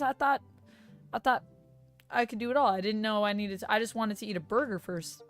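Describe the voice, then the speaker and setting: A woman's voice: mid-range voice, moderate pace, faint music behind. A young woman streaming a dating game, chatting casually, laughing often and reading the game text aloud. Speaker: streamer playing a dating sim. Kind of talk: casual live gameplay commentary.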